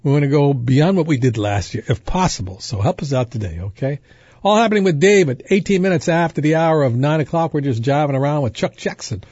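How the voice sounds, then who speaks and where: A man's voice: on the high side, expressive, brisk, darkish tone, dry recording, highs cut off. A man working as a radio DJ, making a casual fundraising appeal on air, who repeats details and drifts into tangents. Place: radio studio.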